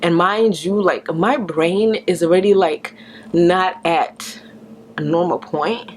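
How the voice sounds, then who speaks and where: A woman retelling a painful experience, halting and restarting, with whispered quotes. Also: fairly low pitch, slight background noise. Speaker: vlogger. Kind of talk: emotional personal story.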